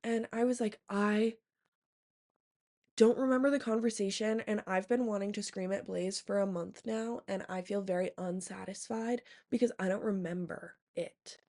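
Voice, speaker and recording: A young woman talks straight to camera in a loose, rambling storytime, sprinkling "like" and "um" through every sentence. Her voice sits at an ordinary middle pitch with a noticeable gravelly fry under it, and she swears casually as she goes. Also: steady tone, moderate pace, warm tone. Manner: rambling, heavy use of "like" and "um", profane. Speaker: vlogger.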